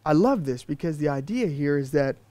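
A man's voice: fairly high pitch, expressive, a little fast, warm tone, dry recording. A man preaching a sermon as pastor, explaining patiently with frequent restarts and fillers.

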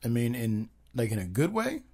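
A man's voice: medium pitch, huge pitch swings, moderate pace, a little mellow, slightly rough. A man co-hosting a casual podcast, rambling with many ums and teasing his partner. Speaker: podcast co-host.

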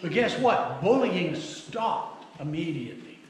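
A man's voice: sits high, animated, measured pace. A middle-aged male pastor preaching a sermon in a folksy storytelling manner, acting out the people in his stories. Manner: folksy storytelling with acted quotes. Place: church sanctuary. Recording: very echoey church hall, faint noise.

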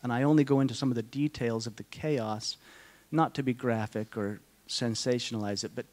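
A middle-aged man speaking to a conference audience, telling a personal story in a slow, halting, deeply emotional way, often dropping to a hush. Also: steady tone. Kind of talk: personal testimony talk to an audience. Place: conference hall.

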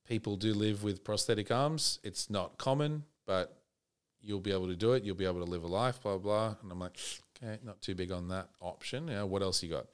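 Australian man, very deep voice, laid-back storytelling, casual swearing. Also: brisk, hardly any pauses, smooth. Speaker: podcast guest.

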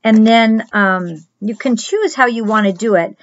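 A middle-aged woman, a children's pastor, giving a chatty crafts lesson and speaking straight to the children in a gentle way. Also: on the high side, a little slow, highs cut off, a little hiss or hum.

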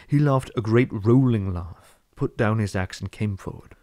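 Low, mellow male storyteller. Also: moderate pace, no echo, clean studio sound. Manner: steady storytelling read-aloud. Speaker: audiobook reader. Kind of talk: scripted narration.

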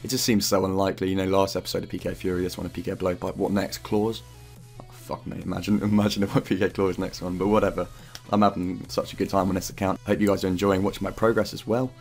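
A man's voice: low voice, level tone, quick pace, darkish tone, faint music behind. A man narrating his own game footage in loose, rambling commentary, swearing often and dropping in fillers. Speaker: gaming YouTuber narrating his own gameplay. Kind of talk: casual gameplay commentary.

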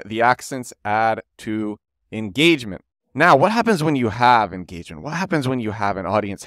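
A man hosting a solo podcast, telling stories with energy and quickly voicing the friends he quotes. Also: mid-range voice, a bit bright, dry recording, clean studio sound. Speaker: podcast host.

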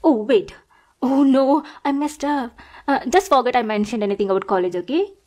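A young woman voicing an obsessive, sweetly possessive stalker girl in a whispered role-play, coaxing and softly menacing. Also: high-pitched, animated, normal speed. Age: young adult. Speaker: roleplay performer.

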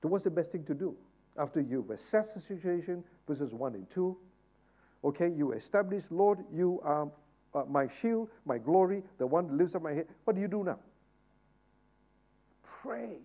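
Fervent preacher with a lively high voice. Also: male voice, normal speed, highs cut off. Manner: swings from hushed asides to loud, fervent exhortation; asks rhetorical questions. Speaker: pastor leading Bible study. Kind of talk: sermon-style Bible teaching.

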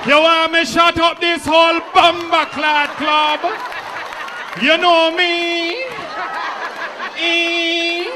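A comedian putting on a bristling man whose voice rises high and loud. He shouts indignantly. Live audience laughter and room noise sit under him. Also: flat delivery, extremely slow, long pauses, crowd noise, exaggerated voice. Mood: angry. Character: hot-tempered Jamaican man, loud and bristling.

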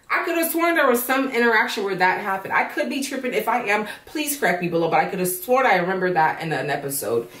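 A woman reviewing a reality show in a blunt, profane, animated rant. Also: high voice, distant mic. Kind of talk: casual rant. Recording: echoey room, voice from off-mic.

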